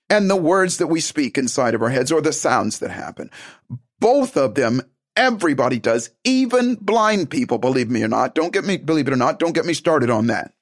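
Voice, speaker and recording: A man giving a motivational self-help talk, emphatic and animated, acting out little conversations as he goes. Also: on the high side.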